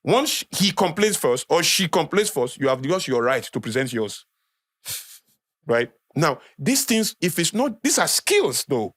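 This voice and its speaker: A man's voice: a little high, very animated, measured pace, fairly bright tone, dry recording, clean studio sound. Emphatic Nigerian man lecturing. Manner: emphatic, repeats key phrases for weight. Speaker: podcast guest. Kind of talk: conversational lecturing. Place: podcast studio.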